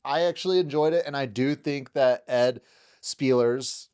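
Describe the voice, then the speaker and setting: A man's voice: medium pitch, normal speed, darkish tone, clean tone. Enthusiastic man co-hosting a film chat. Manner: enthusiastic, laughs often, acts out quotes. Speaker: podcast co-host. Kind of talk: casual film discussion.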